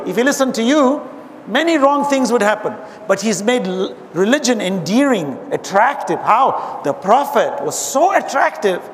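A man giving an impassioned religious talk to a gathering, reciting Arabic verses between his explanations. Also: high voice. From abroad, now living in America. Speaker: Islamic speaker. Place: hall with an audience. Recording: hall reverb, faint noise.

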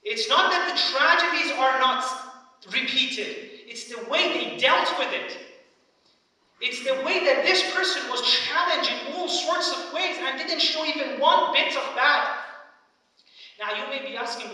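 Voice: high-pitched, a little slow, pushed and bright. A religious lecturer giving a sermon, talking emphatically and asking rhetorical questions. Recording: echoey hall from far off.

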